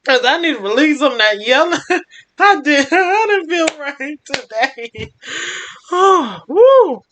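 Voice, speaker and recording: Young woman, storytime host, bright voice, lively pitch, slow reading, laughing reactions. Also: slight background noise.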